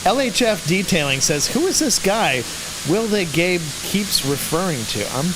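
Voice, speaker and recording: A man's voice: sits high, sing-song, normal speed. A man hosting a livestream Q&A, reading viewer comments aloud and chuckling often. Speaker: host. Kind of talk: livestream Q&A chat. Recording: noisy stream audio.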